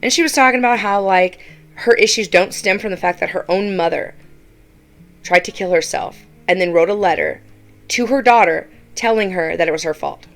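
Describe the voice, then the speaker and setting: A woman gives casual reaction commentary in a gravelly voice with a middling pitch. She is blunt and exasperated and slips into mimicking the people she discusses. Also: moderate pace, soft background music. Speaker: commentary YouTuber.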